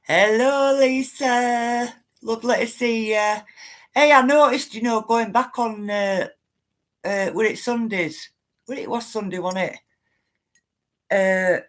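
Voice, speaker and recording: A woman, chatting live to viewers, greeting them by name and ranting now and then. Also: mid-range voice. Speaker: livestream host. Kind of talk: casual livestream chat.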